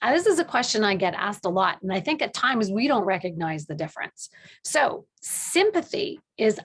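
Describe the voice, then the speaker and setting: A woman leadership coach explaining to camera in an earnest way, acting out the quoted lines with lively shifts in pitch. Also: moderate pace, husky.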